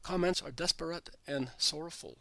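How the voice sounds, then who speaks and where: A man reading religious narration in an even, measured way. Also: a little high, vocal fry, no echo, low-quality recording. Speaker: reader.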